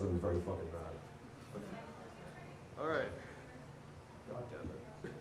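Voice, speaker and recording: A man's voice: lowish voice, distant mic. A young man doing his first stand-up comedy set, brash and heavy on profanity. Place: student comedy night venue. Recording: very echoey room, mic heard from afar, faint noise.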